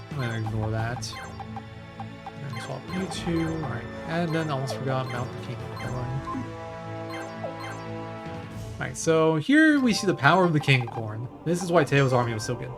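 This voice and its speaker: A man narrates his own speedrun live, in a relaxed and chatty way, thinking aloud as he plays. His voice sits at a middle pitch. Game music plays clearly underneath. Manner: casual, chatty, thinking aloud while playing.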